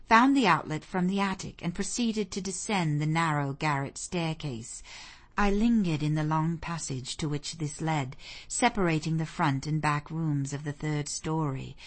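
Female audiobook narrator, slightly low voice, measured and expressive in a classic novel.

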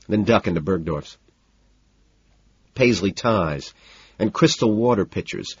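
A man's voice: on the low side, slightly rough, no room sound, highs cut off. A man reading a first-person story aloud in a cool, detached way, rattling off long lists in scripted narration. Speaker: audiobook narrator.

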